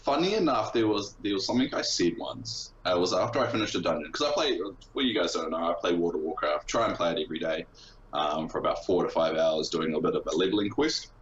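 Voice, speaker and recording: A man's voice: deep voice, lively intonation, fast talker, a little hiss or hum. A man guesting on a casual podcast, talking in a sarcastic, self-deprecating way with an accent. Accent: non-local accent, origin unstated. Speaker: guest streamer. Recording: roomy, dull lo-fi sound with faint ambience.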